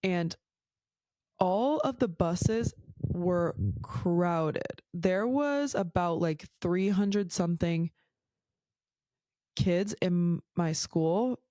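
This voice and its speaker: A woman's voice: on the low side, drawn-out words, mellow, dry recording. A woman hosting her own podcast, telling stories casually, full of "like" and swearing. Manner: chatty, swears a lot, says "like" constantly. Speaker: podcast host. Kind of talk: casual storytelling.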